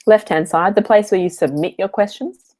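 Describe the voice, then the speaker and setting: A woman's voice: medium pitch, moderate pace, darkish tone. A woman coaching in a casual, chatty live Q&A from a hotel room, wandering into side stories and laughing as she goes. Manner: chatty, digressive, laughs often. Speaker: online business coach hosting office hours.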